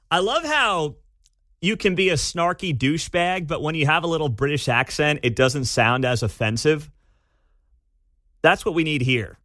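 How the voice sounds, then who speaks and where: A man's voice: on the high side, bright, forceful tone, no echo, studio quality. Sarcastic male talk radio host. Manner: sarcastic, opinionated, chatty. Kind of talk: opinionated talk radio commentary. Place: radio studio. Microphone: studio mic.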